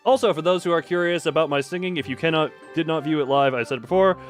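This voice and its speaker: A man streaming live, chatting casually while gaming, excitable and rambling with mild swearing and frequent laughs. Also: on the high side, quick pace, soft background music.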